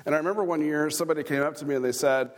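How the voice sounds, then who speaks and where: A man's voice: on the high side, fairly even intonation, rapid-fire. A man, a pastor preaching a conversational sermon with chuckling asides and questions to the congregation. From Kansas. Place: church sanctuary. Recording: reverberant church hall.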